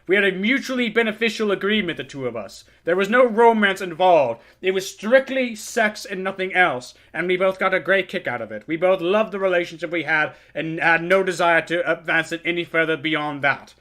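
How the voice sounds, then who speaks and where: A man's voice: sits high, a little fast, hardly any pauses, bright, forceful tone. A man voicing a pompous, lewd older male lawyer in a game, with a grandiose, over-the-top delivery. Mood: boastful. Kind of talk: reading game dialogue aloud.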